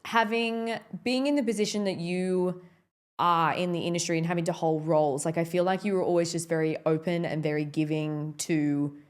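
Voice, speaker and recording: Earnest, rambling woman, lowish voice. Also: fairly even intonation, moderate pace, clear, resonant tone. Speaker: podcast host. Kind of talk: casual podcast chat.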